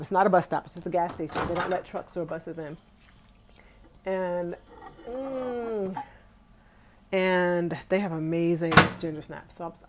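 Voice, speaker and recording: A woman's voice: on the low side, a little hiss or hum. A young adult woman from Brooklyn, chatting casually and animatedly with her live-stream viewers from her bed at home. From Brooklyn, New York, USA. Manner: chatty and animated, talks straight to viewers with Southern "y'all". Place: at home, indoors, on her bed on a rainy day.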